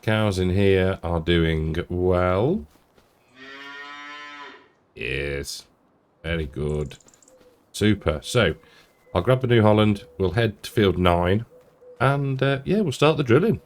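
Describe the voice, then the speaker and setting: A man's voice: low-pitched, lively intonation, takes it slowly, long pauses, a little hiss or hum. A man giving casual, rambling commentary while playing a farming game, often chuckling to himself. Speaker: gaming YouTuber.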